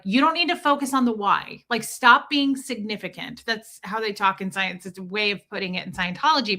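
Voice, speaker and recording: A woman with a bright, forceful voice talks casually on her livestream, rambling and restarting her sentences. She keeps breaking off to greet viewers and answer their comments. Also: medium pitch. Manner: chatty and rambling, with frequent restarts and asides to viewers. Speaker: YouTube livestream host.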